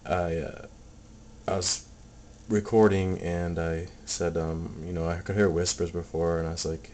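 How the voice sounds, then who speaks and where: A man casually talking through his recordings, soft-spoken and hesitant, full of ums and restarts. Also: low voice, little pitch movement, unhurried, a little hiss or hum. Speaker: paranormal hobbyist playing back recordings. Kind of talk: casual video commentary.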